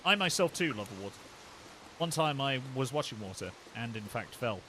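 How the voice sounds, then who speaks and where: A playful male streamer with a lively pitch does casual live gameplay commentary at a brisk clip, tossing joking asides to chat. Loud game music runs under his voice, along with a little hiss or hum.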